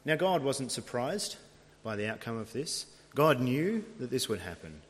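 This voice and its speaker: A man's voice: medium pitch, sing-song, normal speed. Preacher man in a reverberant hall. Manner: dramatic storytelling with vivid retelling. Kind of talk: sermon. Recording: long reverb of a large hall.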